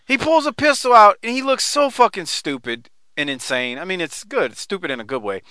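A man hosting a casual podcast, talking in an animated, profane way while presenting a clip. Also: high-pitched, brisk, no room sound. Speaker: podcast host. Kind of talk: casual chat.

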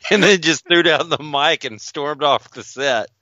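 A man's voice: on the high side, a little slow, no room sound. Wry man on a dull, lo-fi mic. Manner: wry, rambling, deadpan jokes. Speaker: podcast co-host. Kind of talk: casual podcast chat.

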